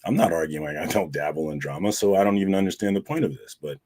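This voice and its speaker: A man hosts a casual comic community livestream, bluntly recounting an argument to his viewers with plenty of swearing. His voice is low and mellow, and he talks at a quick pace.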